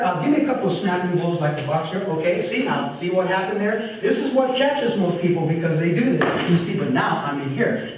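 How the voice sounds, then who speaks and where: A man teaching a martial arts seminar, animated, talking while he demonstrates moves. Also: high voice, slight background noise. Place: large echoey training hall. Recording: echoey hall recorded from far off.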